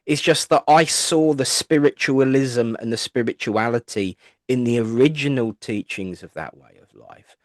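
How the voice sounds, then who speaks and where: An English spiritualist minister and medium, appearing as an interview guest, answers questions by telling chatty, rambling anecdotes full of playful asides, acting out the voices of people he quotes. His voice is mid-range, recorded at studio quality with no room sound.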